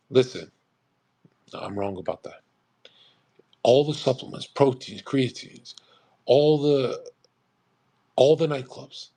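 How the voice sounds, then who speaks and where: A man's voice: mid-range voice, husky. A young man ranting casually on a livestream, brash and profane, rambling with frequent restarts. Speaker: livestream host.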